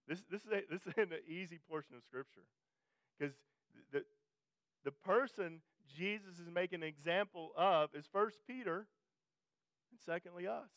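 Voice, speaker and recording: A man's voice: a little high, a bit bright, dry recording. A male pastor preaching a sermon in a conversational way, often restarting and repeating phrases and pushing his voice up for emphasis.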